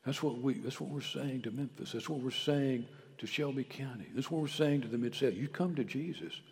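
A male pastor preaching a sermon, swinging from quiet, close talk to loud shouted calls. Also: mid-range voice, fairly even intonation, brisk, creaky. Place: church sanctuary. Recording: church hall with long reverb.

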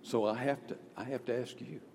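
A man's voice: mid-range voice, fairly even intonation, fairly quick, a little mellow, a little hiss or hum. A male pastor preaching a sermon with emphatic rhetorical questions. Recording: long hall reverb.

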